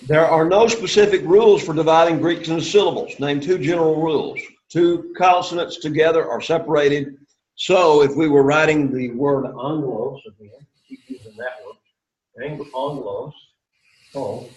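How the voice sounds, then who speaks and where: A man's voice: fairly high pitch, moderate pace, a little mellow, dull audio. A middle-aged man teaching a Greek class, lecturing to students in an emphatic way and repeating his key points.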